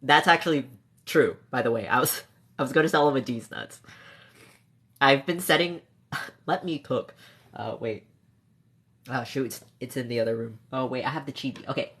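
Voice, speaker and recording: A man's voice: mid-range voice, normal speed, long pauses, husky. A young man streaming live, emotional and close to tears, talking to his chat with laughs and restarts. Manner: emotional, tearful, laughing between words; reads chat comments aloud softly.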